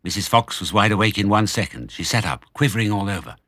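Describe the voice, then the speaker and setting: Expressive older man reading a story. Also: lowish voice, quick pace, dry recording, clean studio sound. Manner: expressive, dramatic. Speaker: narrator.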